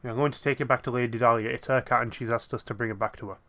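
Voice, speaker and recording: A man reading out a polite gentleman professor from a puzzle game, in a formal manner. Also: medium pitch, steady tone, rapid-fire, lightly acted.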